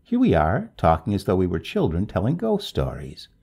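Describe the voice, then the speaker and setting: A man voicing a composed, wryly reasonable newlywed woman over thirty, in a raised falsetto, for a storybook reading. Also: wildly swooping pitch, normal speed, creaky, darkish tone, breathy edge, exaggerated voice.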